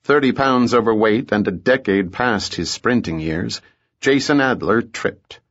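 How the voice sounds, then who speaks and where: A man narrating an audiobook in a measured, steady storytelling manner. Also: fairly low pitch, muffled recording. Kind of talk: scripted narration.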